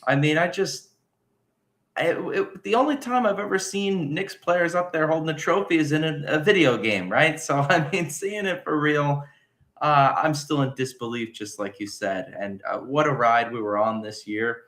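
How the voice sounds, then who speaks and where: A man speaking as a guest on a live fan show, halting and full of fillers. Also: fairly high pitch, a bit bright. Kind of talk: casual live show talk.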